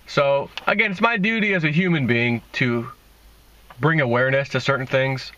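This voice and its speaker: A man's voice: mid-range voice, expressive, fairly quick, bright, forceful tone, muffled recording. A man hosting a casual crypto video, talking in a sarcastic, mocking, rambling way. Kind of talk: casual opinion monologue.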